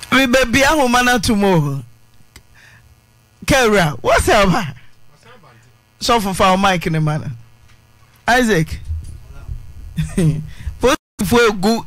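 Brisk questioning woman host. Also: mid-range voice, fairly bright tone, no room sound, low-quality recording. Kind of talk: mediating a dispute.

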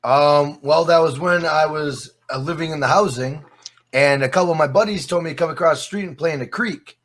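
Guesting on a casual podcast, a man whose voice sits a little high for a man tells stories with brisk, lively energy. He swears freely and repeats phrases to drive his points home.

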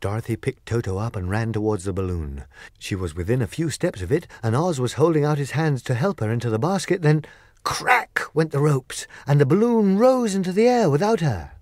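A man narrating a classic children's story as an audiobook reader, expressive and clear. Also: on the high side, normal speed, dry recording, clean studio sound. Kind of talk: storybook reading.

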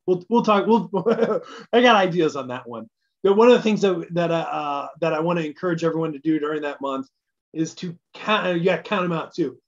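A pastor talks through plans in a casual midweek church message, sounding eager and conversational as he thinks aloud. His voice sits a little higher than most men's. The recording is muffled and lo-fi, as if captured in a small study. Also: fairly quick. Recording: dull lo-fi recording.

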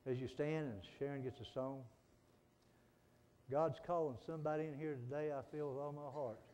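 A man's voice: on the high side, fairly even intonation, normal speed, a little hiss or hum. Impassioned preacher man, echoey church hall. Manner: impassioned, swinging from loud pleading to hushed urging. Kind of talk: evangelistic sermon and altar call. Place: church sanctuary.

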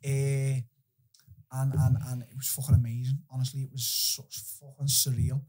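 A man with a Scouse accent, a podcast guest telling his stories in an animated way and swearing freely. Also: medium pitch, moderate pace, slightly rough. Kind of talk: casual storytelling.

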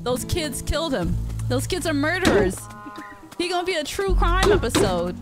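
A woman's voice: very high-pitched, big pitch swings, moderate pace. A young woman streaming a video game, reacting with shrieks and laughter. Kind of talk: live game commentary. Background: game music and sounds.

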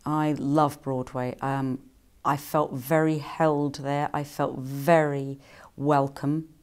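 A woman's voice: level tone, a little mellow, smooth. A middle-aged woman from England, an actress and singer, casually answering fan questions in a chatty, playful way. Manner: chatty and playful, with quick jumps into higher quoted voices.

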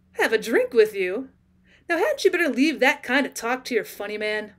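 A vain, swaggering male criminal who brags loudly about his own cleverness, read aloud by a woman. His voice sits fairly high and comes across brash and full of himself. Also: lightly acted.

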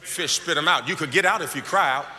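A man preaching from the pulpit in a high, ringing voice with a lilt, his shouted and half-sung phrases carried through a big hall with a long echo. The congregation's noise sits plainly underneath. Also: fast talker. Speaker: pastor. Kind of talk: sermon. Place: church sanctuary. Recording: large echoing church hall with crowd noise.

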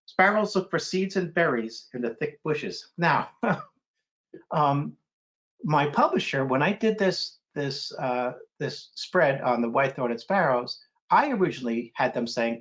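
A middle-aged man reads a children's book aloud, his delivery a little slow and the high frequencies cut off. He's animated, breaking into playful bird calls with sudden high hoots.

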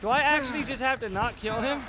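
A very high male voice yells and swears through horror game commentary. His delivery is loud and excitable. A heavy hiss of noise runs under the recording. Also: quick pace. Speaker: gaming video creator.

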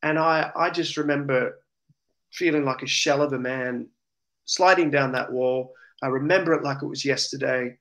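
An Australian man appears as an interview guest, giving an earnest, emotional account of a personal testimony. His voice is mid-range and his pace moderate, and he retells the story with real animation.

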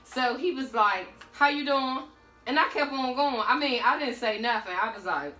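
Sassy high-voiced woman reading tarot. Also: moderate pace, echoey room, soft background music. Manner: sassy, blunt, animated storytelling. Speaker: tarot reader. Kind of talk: casual tarot reading monologue.

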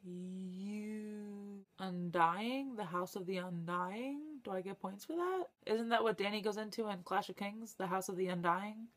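A young woman chatting to camera for her book vlog, excitable, laughing often and swearing when she gets stuck. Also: mid-range voice, a little slow. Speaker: book vlogger. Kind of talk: casual chat to camera.

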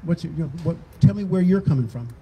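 Speaking at a quick pace in a high-side voice with lively intonation, an older rally organizer addresses a crowd on a town green conversationally and acts out quoted exchanges. The audio is dull with slight background noise.

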